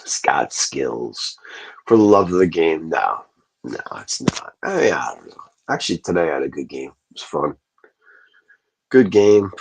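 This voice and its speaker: A man with a very deep, husky voice rants on a livestream, swearing freely. He rambles from one thought to the next and keeps answering his chat. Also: sing-song, moderate pace, poor audio. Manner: profane, rambling, talks back to chat. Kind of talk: casual livestream rant to chat.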